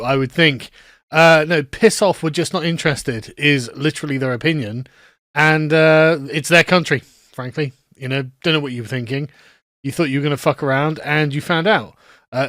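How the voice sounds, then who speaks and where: Male commentator, high voice, dry close sound, sarcastic mocking delivery. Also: a bit bright, no room sound. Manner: sarcastic, laughing, mimics others in voices. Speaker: commentary host.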